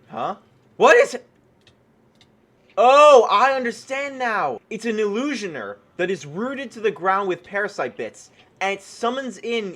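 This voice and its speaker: An excitable man commenting on his own gameplay as a gaming YouTuber. His voice sits high and swings widely in pitch, with a bright, sharp tone. He often breaks into startled yelps.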